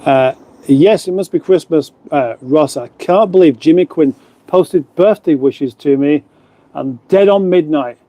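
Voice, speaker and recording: A middle-aged man from England chats his way through a relaxed livestream from his lockup garage, reading out viewer comments and poking fun at himself in rambling asides. His voice sits a touch high, with a warm, mellow tone. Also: a little slow. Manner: chatty, self-mocking, rambling asides. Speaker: livestream host. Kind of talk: casual live chat reading viewer comments. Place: lockup garage in front of a fridge.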